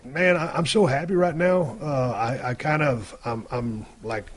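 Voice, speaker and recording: A man's voice: mid-range voice, unhurried. A man hosting a podcast, chatting casually in a blunt, slangy drawl and often repeating his words. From South Texas. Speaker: podcast host. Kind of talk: casual chat.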